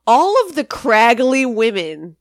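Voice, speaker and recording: A woman's voice: fairly high pitch, big pitch swings, takes it slowly, no room sound, clean studio sound. A woman co-hosting a podcast, recapping a sitcom episode in casual, emphatic chat. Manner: chatty, emphatic, swears casually. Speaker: podcast co-host.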